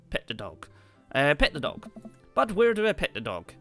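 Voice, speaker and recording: Gaming guy doing let's play commentary, really bouncy pitch, a bit high, faint music behind. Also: normal speed. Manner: animated, reads game text aloud and reacts with surprise. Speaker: gaming channel host.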